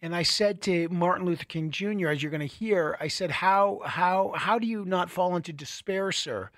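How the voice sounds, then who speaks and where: A middle-aged man hosting a radio show, telling stories in a casual, animated way with many restarts. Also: high voice, moderate pace, dry recording, clean studio sound. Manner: conversational, animated storytelling with restarts. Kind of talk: casual talk radio monologue.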